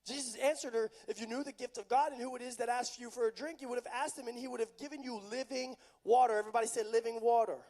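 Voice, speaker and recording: A man preaching a passionate sermon at a live event, building to loud, urgent delivery. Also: very high-pitched, steady tone, fast, hardly any pauses.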